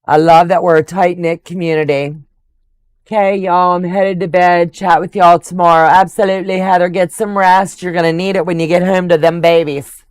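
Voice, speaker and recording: A woman's voice: fairly low pitch, fairly even intonation, moderate pace, a little mellow, smooth, no room sound. An older woman hosting a quilting livestream, chatting casually and gushing affectionately over viewers' comments.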